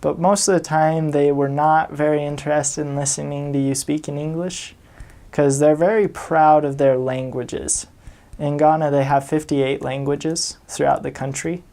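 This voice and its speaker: A man's voice: on the high side, little pitch movement, moderate pace, dark tone. A young man from the United States, a returned missionary, casually telling stories with chuckles and fillers. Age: young adult. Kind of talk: casual storytelling.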